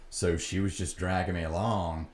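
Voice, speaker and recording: A man's voice: sits low, level tone, moderate pace. A middle-aged man hosting a podcast, earnestly recounting a personal story and acting out the dialogue. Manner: earnest, reflective, re-enacts dialogue. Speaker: podcast host. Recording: echoey room with faint background noise.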